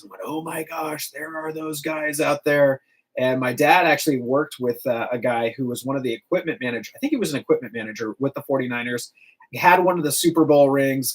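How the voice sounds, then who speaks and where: Male morning radio host, middle-aged, casual and chatty, wanders off on tangents. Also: mid-range voice. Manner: chatty, rambling, animated with laughs.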